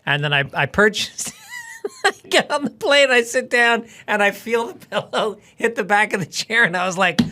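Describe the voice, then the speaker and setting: A male comedian with a high, bright voice, guesting on a talk show. He tells quick stories in a casual way and acts out what people said. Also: sing-song. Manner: quick anecdotes with acted quotes.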